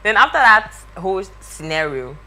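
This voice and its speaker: Bright-voiced young woman storyteller. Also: mid-range voice, normal speed, a little hiss or hum. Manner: lively, acts out quoted voices. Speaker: guest. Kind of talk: animated storytelling.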